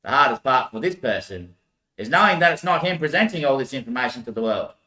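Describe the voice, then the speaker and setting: A man's voice: mid-range voice, expressive, fast talker, pushed and bright. Rambling man in an echoey room. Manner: rambling, laughs often, swears. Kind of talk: rambling monologue.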